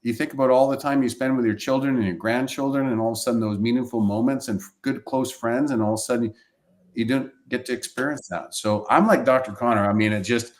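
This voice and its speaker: A man's voice: medium pitch, fairly even intonation, fast talker. A male chiropractor telling heartfelt patient stories in casual talk on a video call, emotional and repetitive, acting out quoted voices. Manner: emotional, repeats himself, acts out quoted voices. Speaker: chiropractor and practice coach. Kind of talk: casual storytelling on a live webcast.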